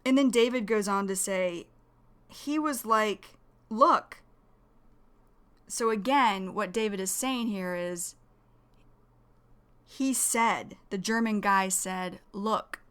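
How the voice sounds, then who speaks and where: Slow, careful woman teaching English. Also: mid-range voice, a bit bright, smooth. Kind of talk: vocabulary lesson.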